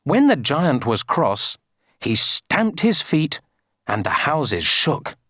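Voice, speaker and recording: A woman reading a children's story aloud for an English lesson, slow and sing-song. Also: rumbling low, very animated, a bit bright, breathy edge, no echo, clean studio sound.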